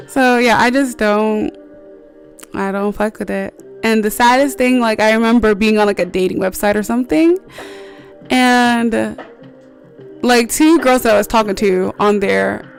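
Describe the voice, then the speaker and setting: A woman's voice: on the high side, creaky. A woman streamer chatting casually while playing a game, rambling through stories with lots of filler words, swearing freely and laughing often.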